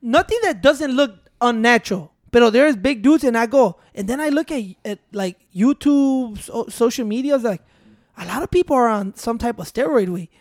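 A woman's voice: a little high, expressive, moderate pace, a little mellow, no room sound, clean studio sound. A woman chatting casually on a podcast, cursing freely and switching between English and Spanish. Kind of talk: casual chat.

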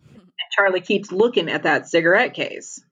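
Chatty woman with a slightly low voice. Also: lively intonation, normal speed, a bit bright, slightly rough, dull audio. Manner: chatty retelling, laughs often. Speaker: podcast co-host. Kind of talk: casual TV episode recap.

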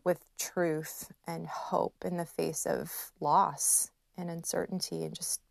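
A woman in her thirties hosting a podcast, speaking in a slow, gentle and emotional personal reflection with soft laughs. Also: lowish voice, flat delivery, gravelly, no echo, studio quality. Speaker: podcast host.

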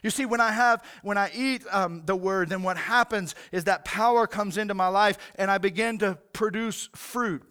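A man's voice: high-pitched, moderate pace, hardly any pauses, sharp tone, clean tone. A middle-aged male pastor preaching a sermon in a casual, fired-up way, often saying "man" and "like".

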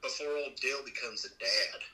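A man co-hosting a casual podcast who drops quick, chuckling quips. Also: medium pitch, bright, forceful tone, echoey room, rough recording. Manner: chuckling, quips in short lines. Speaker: podcast co-host. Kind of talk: casual chat.

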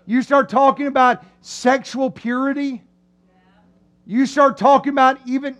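A man preaching a sermon in a church, animated and acting out the voices of his listeners. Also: very high-pitched, moderate pace. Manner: animated, acts out voices of the crowd. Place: church sanctuary.

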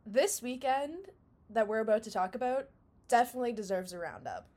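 A young woman from Canada co-hosting a podcast in casual chat, self-mocking and quick to laugh. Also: a little high, sing-song, dark tone. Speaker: podcast co-host.

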